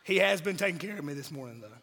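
A man from South Georgia with a Southern accent, preaching a sermon while hoarse from a cold, mixing wry jokes to the congregation into his points. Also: on the high side, expressive, rapid-fire, bright, forceful tone. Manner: wry, joking asides to the congregation. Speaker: pastor. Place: church sanctuary. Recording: church hall reverb.

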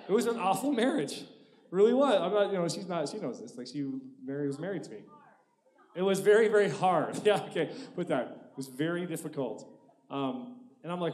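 Forties male pastor, high-pitched and animated, preaching in a reverberant church. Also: brisk. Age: 40s. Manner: animated storytelling, swings between loud and hushed. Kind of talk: sermon. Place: church auditorium. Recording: echoey church hall.

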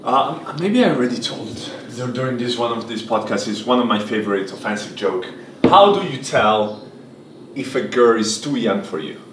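A man co-hosting a casual podcast, loud and eager, often laughing. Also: mid-range voice, expressive, moderate pace, far from the mic. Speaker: podcast co-host. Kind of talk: casual chat. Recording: echoey room with background noise.

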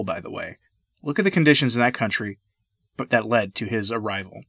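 A man hosting a podcast, reading scripted commentary in an earnest, measured, lecturing way. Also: medium pitch, a bit bright, dry recording, clean studio sound. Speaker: podcast host. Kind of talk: scripted commentary read aloud.

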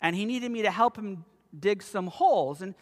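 A man in his fifties preaching a sermon as a pastor, telling stories with animated emphasis. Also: high voice, moderate pace. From United States. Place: church sanctuary. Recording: long reverb of a church hall.

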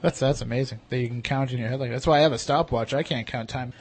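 A man's voice: medium pitch, fast talker, husky. A man moderating a timed debate, calling time and joking between rounds. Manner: friendly, joking timekeeper. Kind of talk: casual podcast moderation.

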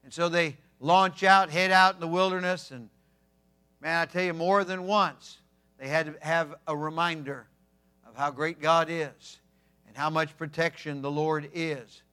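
Guy preaching a sermon, high voice, goes big then drops real quiet. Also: fairly even intonation, a little slow, clean tone. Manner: emphatic preaching with swings from loud to soft. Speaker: pastor.

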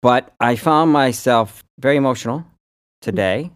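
A man's voice: mid-range voice, normal speed, clean tone, no echo, studio quality. A man in his fifties from upstate New York, co-hosting a podcast in a chatty, rambling way with lots of fillers. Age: 50s. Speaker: podcast co-host. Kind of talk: casual chat.

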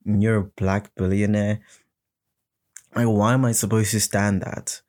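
A man's voice: on the low side, little pitch movement, measured pace, a little mellow. A man hosting his own podcast, ranting in a rambling, heated, unscripted way and swearing often. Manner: rambling, heated, swearing, mimics others in mocking voices. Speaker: podcast host. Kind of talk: solo casual rant.

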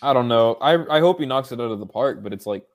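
A male podcast co-host in casual chat, animated and ranting, swearing freely. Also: medium pitch, fast talker.

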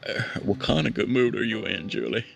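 A man's voice: lowish voice, expressive, fairly quick, gravelly. A man doing nervous comedic banter, stammering and repeating words as he talks to a chatbot. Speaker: prank caller chatting with a chatbot.

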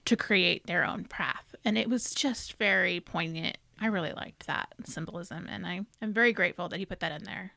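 A woman's voice: lowish voice, normal speed, gravelly, few pauses, sharp tone, no room sound. Thoughtful woman talking books, dry sound. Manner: thoughtful, reflective, earnest. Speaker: podcast co-host. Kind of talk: casual book discussion.

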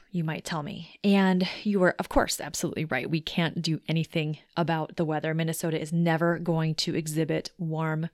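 A woman's voice: sits low, level tone, normal speed, hardly any pauses, dry recording, clean studio sound. A woman hosting a solo self-help podcast. She talks in a conversational, reflective way and explains things step by step. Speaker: podcast host.

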